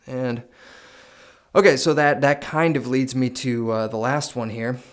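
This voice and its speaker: Casting: male podcast host, mid-pitched voice, rambling and hesitant, lots of ums and self-corrections. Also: fairly even intonation, measured pace. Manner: hesitant, many fillers and restarts; musing, thinking aloud. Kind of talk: solo podcast talk.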